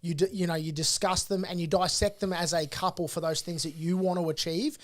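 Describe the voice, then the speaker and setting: Brief: high-pitched Australian male co-host, earnest, emphatic, studio chat. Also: steady tone, fairly quick. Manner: earnest and emphatic, repeats himself. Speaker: property coach and co-host. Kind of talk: casual studio podcast chat.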